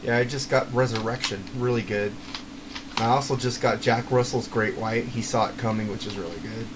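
A man talks casually through a rock album, track by track, chatty and quick to laugh. His voice sits at an ordinary middle pitch. A steady hiss of noise runs under the recording. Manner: chatty, laughs often, quotes people in passing. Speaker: podcast co-host.

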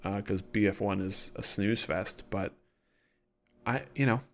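A man's voice: lowish voice, steady tone, a little slow, slight background noise. A man co-hosting a podcast in casual, rambling chat, opinionated and sweary. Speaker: podcast co-host.

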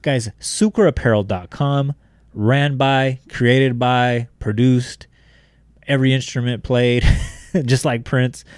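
A man's voice: medium pitch, steady tone, takes it slowly, a little mellow, dry recording, studio quality. A man hosting a casual podcast, reading sponsor spots in a loose, rambling, joking way. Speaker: podcast host.

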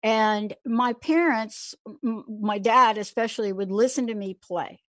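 A woman's voice: fairly high pitch, unhurried, no room sound. A woman from the Bronx hosting an interview, affirming and encouraging her guest and sharing her own experiences. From the Bronx, New York. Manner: affirming, enthusiastic listener. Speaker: interview host. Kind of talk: conversational interview.

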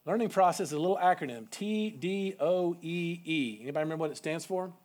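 A man's voice: a little high, fast, darkish tone. A man teaching a seminar to youth ministry workers, asking the room questions and adding folksy asides.

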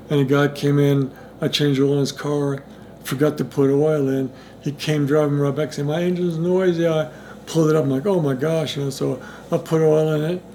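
A middle-aged man recounting his recovery story in a loose, rambling way, stopping and restarting and acting out conversations. His voice is gravelly and mellow. He speaks in an even, flat line. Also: mid-range voice, a little hiss or hum. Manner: rambling, with many restarts and quoted dialogue. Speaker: interviewee in recovery.

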